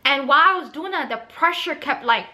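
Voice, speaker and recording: Young woman vlogger, high and bright chatty storyteller who talks right to viewers. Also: expressive, a little fast. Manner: chatty, addresses viewers as you guys. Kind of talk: casual storytelling to camera.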